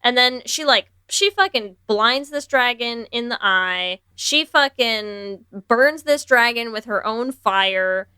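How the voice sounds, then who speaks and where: Woman co-host, casual movie recap, sharp bright voice a touch high, animated delivery. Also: slow pace, few pauses, clear, resonant tone, dry recording, studio quality. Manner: animated, swears freely, acts out characters' lines. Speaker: podcast co-host.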